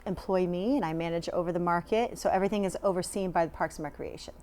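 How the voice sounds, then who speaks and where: Bubbly fast-talking woman from California. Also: fairly low pitch, steady tone, a little mellow. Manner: quick, bubbly, laughs a lot, lots of "um". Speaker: farmers' market manager. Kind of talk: casual interview.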